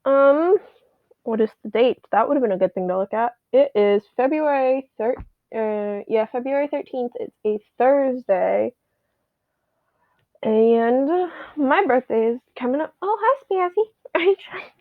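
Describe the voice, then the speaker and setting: A high-voiced young woman talks in a loose, rambling way, her voice a little hoarse. The sound is thin and phone-like, with no room echo at all. It feels like a casual video update recorded at home. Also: unhurried. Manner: rambly, chatty. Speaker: vlogger. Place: bedroom at home. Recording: tinny, phone-like, dry sound.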